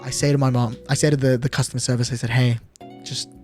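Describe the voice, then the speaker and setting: A man's voice: medium pitch, little pitch movement, fast, darkish tone, faint music behind. Exasperated young man ranting on stream. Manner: exasperated, swears a lot, many restarts. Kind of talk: ranting storytime on a livestream.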